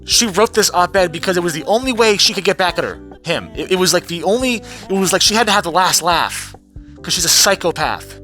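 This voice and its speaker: Man, casual vlog recap, profane, animated, bright fairly high voice. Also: brisk, soft background music. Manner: acts out quotes in other voices. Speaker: vlogger recapping a trial.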